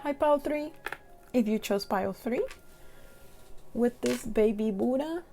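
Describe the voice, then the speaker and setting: A young woman gives a casual tarot reading to camera, speaking English with a non-native accent. She talks slowly with a gravelly, mellow tone and giggles easily. She reads the card text with careful deliberation. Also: fairly high pitch, faint music behind.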